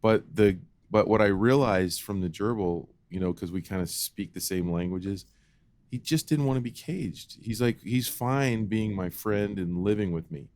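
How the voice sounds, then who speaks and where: A man co-hosting a podcast, telling a childhood story in an animated, casual way and acting out the voices. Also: lowish voice, normal speed, no echo. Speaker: podcast co-host.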